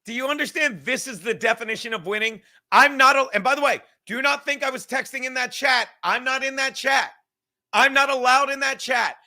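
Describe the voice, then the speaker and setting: High bright-voiced ranting New man. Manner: sarcastic, profane, fast-building rant. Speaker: podcast host. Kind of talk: animated ranting commentary.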